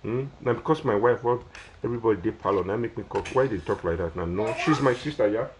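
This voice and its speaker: A young man with a Nigerian Pidgin English accent speaks in a slightly low voice. He rambles and repeats himself as he pleads with his viewers. He sounds like someone talking casually on a live phone video. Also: fast, slight background noise. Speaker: social media personality.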